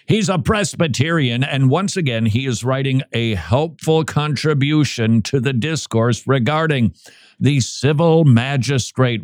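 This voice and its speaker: A man's voice: medium pitch, a little mellow, no room sound, studio quality. A man hosting talk radio, reading an article aloud and breaking off for playful jokes. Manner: playful, joking asides while reading aloud. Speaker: radio host. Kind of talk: casual talk radio commentary.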